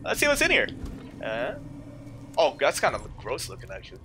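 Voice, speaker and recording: A gaming YouTuber doing let's play commentary, yelling, shrieking and swearing at scares and taunting the enemies on screen, with game music behind. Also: mid-range voice, wildly swooping pitch, moderate pace, background noise.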